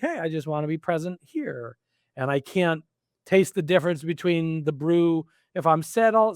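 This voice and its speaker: Podcast guest: middle-aged man, higher voice, animated storyteller with frequent laughs, dry close sound. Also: no room sound. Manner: animated, laughs often, acts out his own quoted lines. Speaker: podcast guest, executive coach. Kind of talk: casual interview chat.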